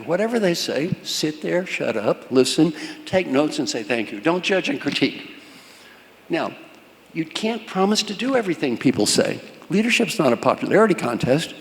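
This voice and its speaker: Older guy coaching a big audience, higher voice, short punchy commands, echo of a big hall. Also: sing-song, moderate pace, vocal fry. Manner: punchy, repetitive instructions with rhetorical questions to the crowd. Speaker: leadership coach. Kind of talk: keynote talk to a live audience. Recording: long hall reverb, faint room noise.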